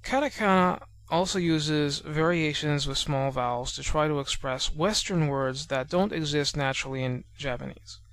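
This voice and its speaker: A man teaches a beginners' language lesson in a measured, explanatory way. His voice sits a little higher than most men's. He drops into a slow, deliberate pace whenever he sounds out an example word. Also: fairly bright tone. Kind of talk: explanatory lesson narration over slides.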